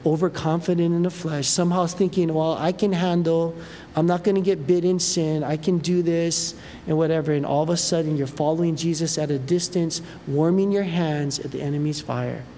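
Man, pastor, earnest conversational preaching, fairly high voice, long hall echo, faint background noise. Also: dark tone. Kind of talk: sermon.

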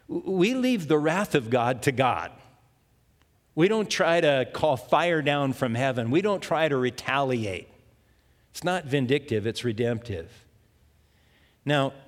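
A male pastor preaches with lively storytelling energy, repeating key words for emphasis. His voice sits a little higher than most men's. A long reverb from the church hall trails behind him. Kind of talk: sermon.

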